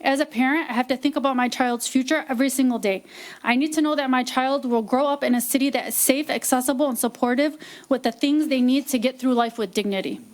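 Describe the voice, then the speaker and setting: A woman's voice: high-pitched, fast. A woman, a parent, reads a prepared public comment to a city council in a firm, earnest, pleading way.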